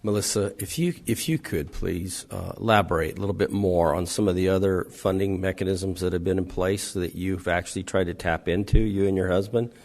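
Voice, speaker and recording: A man serving as a county supervisor, asking a speaker questions politely and deliberately at a meeting. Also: low voice, fairly even intonation, a little mellow.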